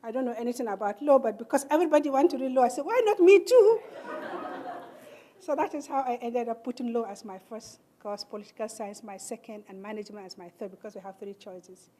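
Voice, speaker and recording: A woman's voice: on the high side, fast, few pauses. A middle-aged Nigerian woman giving a speech in a large hall, telling her life story earnestly and acting out the people in it. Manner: earnest, animated storytelling with quoted dialogue. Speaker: keynote speaker.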